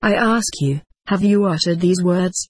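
A reader voicing a stern male judge questioning an accused man in an audiobook, with a husky tone. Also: sits high, unhurried, no echo.

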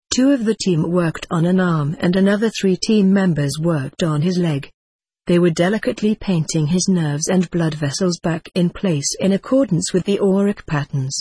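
A narrator telling a first-person story in a measured, steady audiobook reading. The voice is husky and mid-pitched. The recording is dry and close. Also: no echo.

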